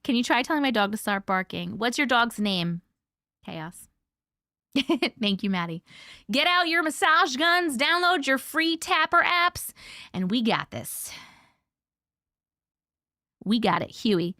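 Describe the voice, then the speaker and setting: Bubbly high-voiced woman streamer. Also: sing-song, slow, pauses often, bright, forceful tone, no echo, studio quality. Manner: bubbly, greets viewers by name, chatty. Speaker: livestream host. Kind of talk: casual livestream chat reading comments.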